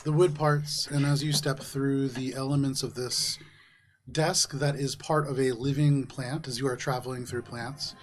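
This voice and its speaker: A man narrating a fantasy tabletop game as game master, relaxed and chuckling between descriptions. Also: mid-range voice, a little slow. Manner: relaxed, with frequent ums and laughs.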